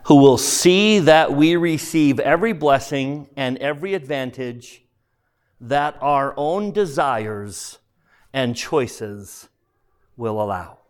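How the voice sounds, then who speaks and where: A man's voice: medium pitch, slow, clean tone. A man preaching in a chapel, earnest and conversational, encouraging listeners to read a book. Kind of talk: sermon with book reading.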